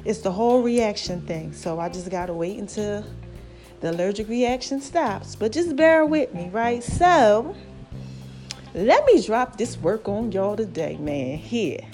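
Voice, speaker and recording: A podcast host speaks in an expressive, somewhat mellow mid-range voice at a measured pace, with soft music behind her. Her casual motivational talk to listeners is affectionate yet preachy; she's slightly out of breath and her throat is swollen.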